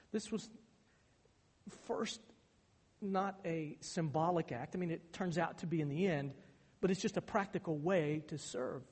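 A man's voice: on the high side, darkish tone, breathy edge. A male pastor preaching a sermon, his delivery turning emphatic and intense on key points. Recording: hall reverb.

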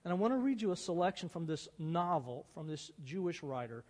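A man's voice: on the high side, sing-song, fairly quick, darkish tone, long reverb tail. A male preacher giving a sermon, reading from a novel with earnest and dramatic emphasis.

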